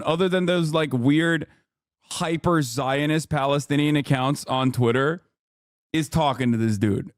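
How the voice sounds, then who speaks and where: A man's voice: a little high, no room sound, studio quality. Sarcastic man reacting on stream. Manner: profane, sarcastic, mocking impressions. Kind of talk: casual reaction commentary.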